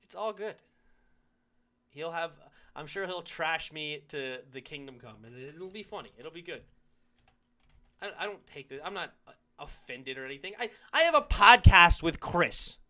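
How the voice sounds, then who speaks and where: A man hosting a casual sports talk show, animated and reacting to a rival's clip. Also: fairly high pitch, normal speed. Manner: animated, swings from heated to sheepish. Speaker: sports talk channel host.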